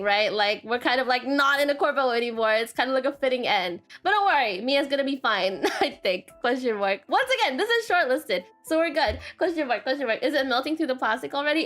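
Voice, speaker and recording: A woman's voice: a little high, a bit bright. A woman streamer chatting casually and rambling, often saying "question mark" and laughing.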